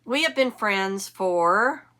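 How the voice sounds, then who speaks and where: Woman, 50s, podcast host; bright, clear tone, casual rambling chat with frequent self-corrections. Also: mid-range voice, lively intonation, slow pace.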